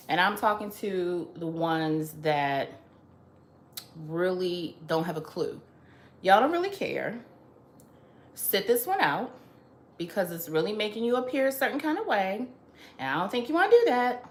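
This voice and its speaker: A woman's voice: medium pitch, big pitch swings, moderate pace, pauses often, reverberant, a little hiss or hum. A woman hosting her own show, giving an emphatic opinion monologue and repeating her points to drive them home. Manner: emphatic, repetitive, lecturing. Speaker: host.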